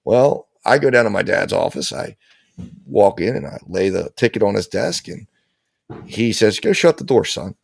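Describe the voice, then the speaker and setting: Gravelly man telling a story. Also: fairly low pitch, normal speed, no room sound. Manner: relaxed storytelling, lots of fillers. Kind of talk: casual anecdote on a live show.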